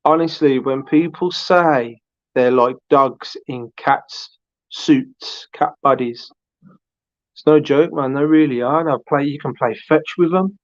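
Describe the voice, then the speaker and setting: A man hosts a live stream in an unhurried, rambling way, calling out to viewers as he chats. His voice is dry and close, with no room around it. The stream audio sounds dull and lo-fi. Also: on the high side, no room sound. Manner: chatty, rambling, addresses viewers by name. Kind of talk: casual live-stream chat.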